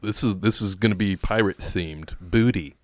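A man's voice: on the low side, moderate pace, no room sound. A man co-hosting a podcast, chatting casually and chuckling as he comes up with rhyming words for a word game. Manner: chuckly, rhymes his answers. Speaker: podcast co-host. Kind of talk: casual chat.

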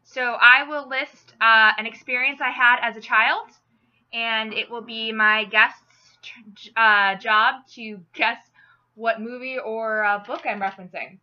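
A woman's voice: a little high, steady tone, unhurried, no room sound, dull audio. A young woman with a Minnesotan accent, hosting a casual podcast in a rambling, self-deprecating way that drifts off on side tracks. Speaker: podcast host.

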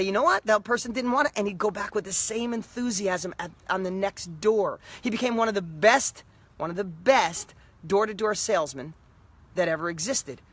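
A middle-aged man giving an energetic motivational talk to camera, hammering points home in short repeated phrases. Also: high voice. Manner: energetic, emphatic, repetitive punchy phrases. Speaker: motivational speaker.

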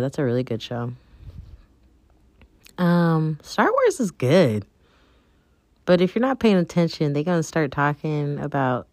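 A woman's voice: deep voice, no echo, clean studio sound. A woman hosting her own show, chatting casually and rambling with plenty of fillers. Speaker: podcast host. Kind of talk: casual solo chat.

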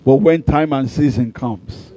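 A man's voice: medium pitch, a little slow, mellow, muffled recording. A middle-aged male pastor, preaching at a convention with emphatic, repeated declarations and humorous stories. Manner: humorous storytelling.

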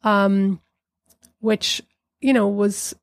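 A woman's voice: medium pitch, steady tone, drawn-out words, dry recording. Chatty Northern Irish woman. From Northern Ireland. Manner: chatty, warm storytelling with many fillers. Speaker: podcast guest, arts center leader. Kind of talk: casual interview chat.

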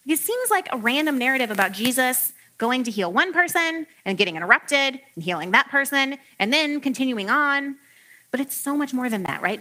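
A woman preacher talks through her sermon like a chat with friends, playful and quick to joke. Her voice is bright and a touch high, with a clear, forward ring. She fills her lines with "like" and easy asides. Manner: chatty and playful, heavy use of "like". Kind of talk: casual humorous sermon.

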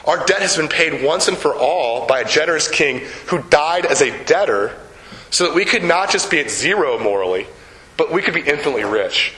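Bright-voiced older man preaching in an echoey room. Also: fairly high pitch, animated. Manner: storytelling, slows down for emphasis, asks the audience questions. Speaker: pastor. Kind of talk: sermon.

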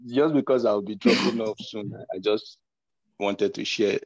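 Guy, low voice, kinda halting and earnest, muffled call audio. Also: no echo. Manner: halting, repeats words, earnest. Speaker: participant. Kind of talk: casual faith sharing. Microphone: video call.

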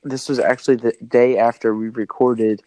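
A young man co-hosting a podcast, playful and teasing, quick to laugh. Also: medium pitch, level tone, a little mellow, poor audio. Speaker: podcast co-host. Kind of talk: casual chat.

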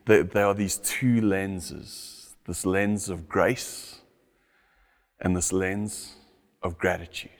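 A man's voice: sits low, steady tone, takes it slowly, big-room sound. A middle-aged man delivering a sermon, earnest and fond of repeating his key phrases for emphasis. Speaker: pastor.

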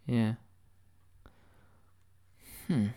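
A man delivering a deadpan satirical conspiracy monologue, mock-earnest and rambling, with stammered restarts and swearing. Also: very slow, a little hiss or hum.

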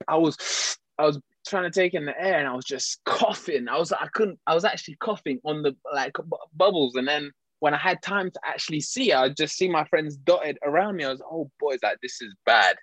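A man telling a story in casual chat, animated, laughing often and restarting his sentences. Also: a little high, dry recording.

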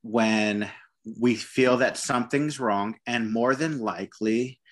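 A man's voice: mid-range voice, slow. A man talking about dog training in a casual conversation, hesitant, with many restarts and repeated words.

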